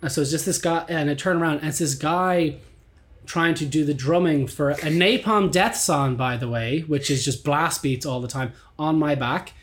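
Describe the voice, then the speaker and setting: A man in his twenties with an Irish accent, hosting a podcast and telling stories in a lively, swearing, casual chat. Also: fairly high pitch, normal speed. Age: 20s. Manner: animated storyteller, swears freely, acts out quotes. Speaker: podcast host.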